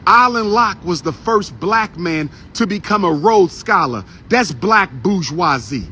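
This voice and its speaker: A man's voice: sits high, expressive, unhurried, few pauses, pushed and bright, a little hiss or hum. A man giving a fiery outdoor speech to a crowd, repeating his lines with a preacher-like cadence. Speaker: street speaker. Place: outdoors on a city street by a historical marker.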